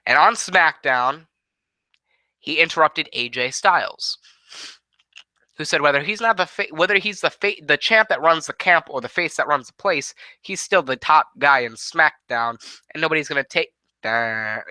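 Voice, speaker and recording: A man with a bright, cutting, fairly high voice runs through imagined wrestling cards in quick, casual play-by-play. The sound is dry and close, with no room around it. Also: animated, dry recording, low-quality recording. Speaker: host. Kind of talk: fantasy booking play-by-play.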